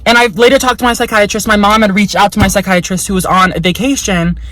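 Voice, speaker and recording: With a mid-range, fairly bright voice and fairly even intonation, a young woman talks quickly through a story in her casual vlog. She's frank and chatty, swears a lot, leans on "like", and slips into voices for quotes, all on poor audio.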